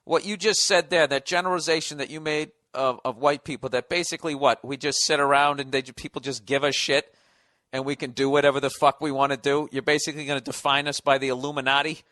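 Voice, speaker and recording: A man's voice: a little high, steady tone, fast, pushed and bright, dry recording, clean studio sound. Sarcastic, profane American man on a podcast. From United States. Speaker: podcast host. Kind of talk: comedic podcast rant. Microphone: studio podcast mic.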